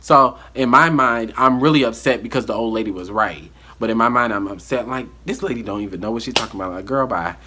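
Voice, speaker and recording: A man telling a casual storytime on his vlog, animated and acting out the quotes. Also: medium pitch, quick pace, few pauses. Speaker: vlogger.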